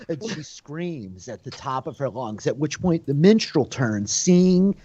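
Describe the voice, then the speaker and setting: A man's voice: fairly high pitch, very animated, unhurried, dark tone, breathy edge, dry recording. A man running a tabletop game as dungeon master, narrating loosely and chattily with many fillers. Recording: dull lo-fi sound in a dry room.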